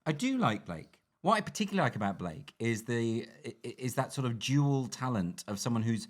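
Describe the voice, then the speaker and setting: Male author guest, dry wit, fast talker with a lively voice. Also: medium pitch. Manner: dry, wry wit with animated delivery. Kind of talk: casual comedic chat.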